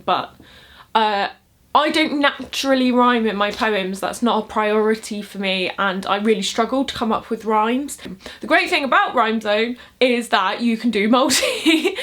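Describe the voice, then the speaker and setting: A woman's voice: a little high, fairly bright tone. A young woman casually explaining how she writes sonnets, chatty and upbeat, with laughs between points. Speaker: poetry tutorial vlogger. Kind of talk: casual instructional talk.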